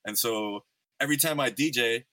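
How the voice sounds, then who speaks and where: A podcast host in his thirties chats casually in an interview, telling stories in a relaxed, slangy way with lots of fillers. His medium-pitched voice is bright and forceful at normal speed, with no room sound.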